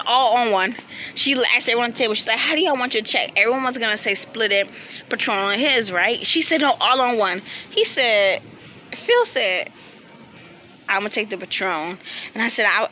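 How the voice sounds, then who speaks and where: A young woman, casually telling a storytime with animated quotes and bursts of laughter. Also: mid-range voice, a little hiss or hum. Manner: animated, laughing, quoting friends in quick bursts. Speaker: vlogger.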